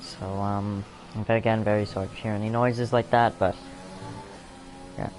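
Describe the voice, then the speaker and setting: A man's voice: lowish voice, little pitch movement, moderate pace, music in the background. A man casually commentating a sim race, rambling and apologetic, snacking between remarks. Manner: rambling, self-deprecating, talks while eating.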